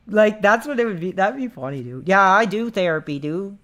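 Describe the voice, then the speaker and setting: A man's voice: high-pitched, a little fast, few pauses, a bit bright. A man chatting casually on a live stream, rambling with lots of fillers and restarts.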